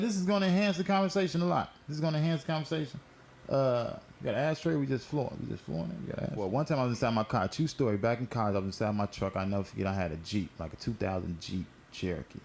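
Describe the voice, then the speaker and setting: A man hosts a casual talk about current events, smoking as he tells stories in a laid-back, slangy, profane way. His medium-pitched voice is gravelly with a darkish tone, and slight background noise can be heard.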